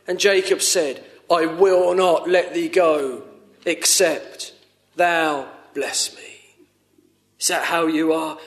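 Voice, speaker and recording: A man's voice: high voice, fairly even intonation, slow, pauses often, a bit bright, reverberant. A man preaching a sermon, earnest and pleading, rising to urgent appeals. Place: church.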